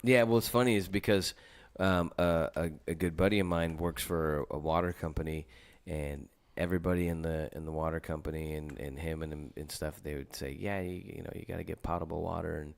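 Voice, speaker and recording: A man in a casual podcast chat, telling anecdotes in a rambling, halting way with many fillers and restarts. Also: rumbling low, steady tone, creaky. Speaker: podcast participant.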